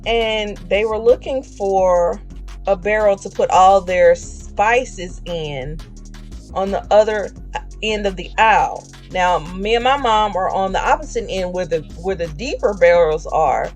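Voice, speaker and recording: A woman's voice: mid-range voice, unhurried, faint music behind. Woman streamer telling a casual story. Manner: chatty, acts out voices with slang.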